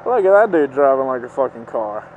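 A man's voice: medium pitch, sing-song, fairly quick, phone-quality sound. A young man in a helmet, riding a motorcycle through city traffic, sarcastically ranting and swearing at other drivers. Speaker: vlogger. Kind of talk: casual helmet-cam commentary while riding. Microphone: mic inside a motorcycle helmet. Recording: helmet mic with loud road noise. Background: traffic and engine noise.

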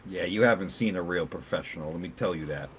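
A man's voice: deep voice, fast, a bit bright, a little hiss or hum. A man gamer in in-game voice chat, talking aggressive, profane trash.

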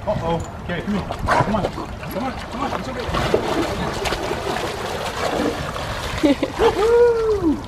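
A man with a high-pitched voice vlogs casually outdoors by a pool, speaking at a measured pace and pausing often. He playfully coaxes his dog and puts on joking voices for it, and the outdoor recording is noisy.

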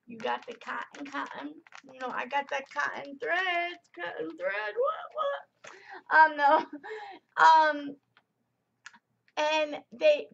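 A woman's voice: high voice, gravelly, a bit bright, dull audio. A young woman rambling through a casual product review vlog in a chatty way, full of fillers and tangents.

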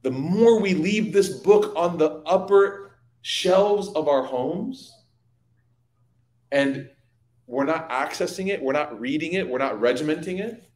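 A man giving an evening religious study talk, telling lively stories and speaking directly to his audience. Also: on the high side, measured pace, reverberant. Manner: lively anecdotal storytelling, addressing audience. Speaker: religious teacher. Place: community hall.

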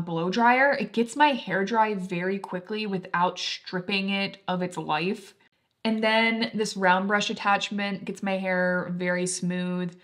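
A young woman talking casually and enthusiastically about her favorite products, full of fillers like "like". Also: medium pitch. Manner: chatty, filler-heavy, enthusiastic. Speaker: beauty vlogger.

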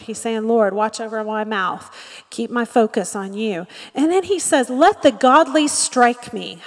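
Woman pastor, high voice, animated sermon with acted quotes, long hall reverb. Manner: lively preaching with acted-out quotes and frequent "Amen?". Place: church sanctuary.

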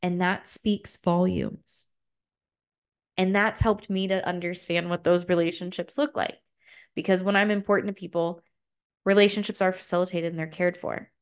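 A young adult woman hosting a solo podcast, talking openly and emotionally and swearing freely, her voice jumping up high when she gets excited. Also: normal speed, smooth. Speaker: podcast host. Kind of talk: solo confessional podcast talk.

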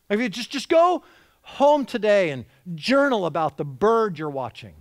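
A middle-aged pastor delivers a sermon with lively energy, voicing the people he quotes and swinging from loud emphasis to near hushes. His voice sits a little high for a man, and the sound is close and dry with hardly any room around it. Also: moderate pace, dry recording. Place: church sanctuary.

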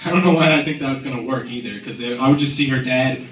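A man doing a crude, animated stand-up set in a comedy club, recorded on a phone from the audience. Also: medium pitch, quick pace, echoey room, muffled recording. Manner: crude, animated storytelling with acted-out voices. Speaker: stand-up comic.

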